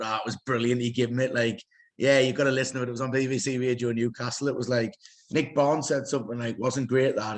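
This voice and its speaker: A middle-aged man with a Geordie accent chatting casually as a podcast guest, retelling stories with animated asides. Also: medium pitch, quick pace. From North East England. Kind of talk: casual chat.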